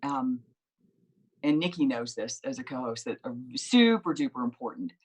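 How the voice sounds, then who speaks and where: A woman's voice: rumbling low, big pitch swings, normal speed, slightly rough, low-quality recording. A woman singer-songwriter, a guest in a casual video interview, giving earnest, encouraging advice.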